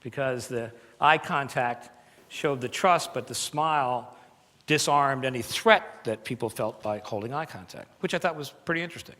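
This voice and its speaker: A man leads a live seminar on presentation skills, talking in an emphatic, conversational way and slipping in playful asides. His voice sits at a middle pitch for a man. It rings out with a long reverb, as in a large hall. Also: moderate pace, pushed and bright.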